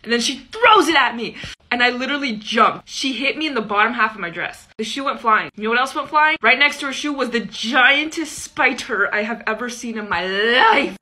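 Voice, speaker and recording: Woman, bright and a bit high, casual storytime, animated and chatty. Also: moderate pace.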